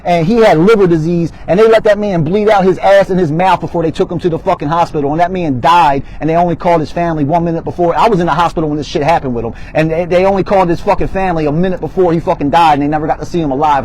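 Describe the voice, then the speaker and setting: A man's voice: a little high, steady tone, racing, few pauses, darkish tone, a little hiss or hum, rough recording. A man, telling his story as a guest in an interview, blunt and heavily profane. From Baltimore, Maryland. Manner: blunt, heavily profane, emphatic street talk.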